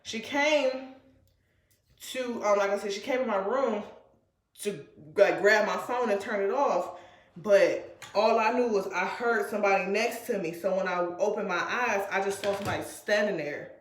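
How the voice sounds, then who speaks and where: A woman's voice: medium pitch, moderate pace. Woman vlogger, casual storytime, rambling and filler-heavy, roomy echo.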